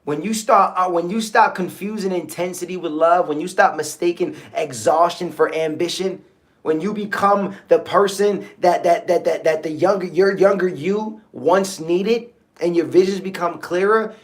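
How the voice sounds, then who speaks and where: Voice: mid-range voice, normal speed. A host giving a motivational talk on a livestream, speaking casually, repeating key phrases and often checking in with listeners. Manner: conversational, repetitive, checks in with listeners.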